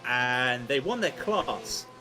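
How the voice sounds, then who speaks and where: An Englishman with an animated mid-range voice takes his time co-commentating a long motor race over loud race-car noise. Chatty and laughing, he tells stories between updates in a casual way.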